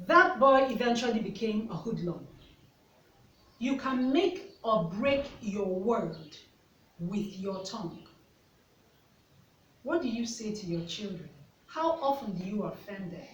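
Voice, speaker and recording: With a medium-pitched voice, lively intonation and a slightly slow pace, a woman reflects through stories told to camera. A mother and part-time teacher, she speaks earnestly and repeatedly asks the viewer questions. Slight background noise sits under a roomy, distant-mic recording with faint ambience.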